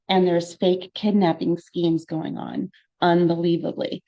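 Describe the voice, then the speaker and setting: A woman's voice: fairly low pitch, flat delivery, measured pace, mellow, muffled recording. A woman presenting a live-streamed safety training, speaking in an earnest, warning way with fillers and asides. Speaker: trainer giving a free online safety session.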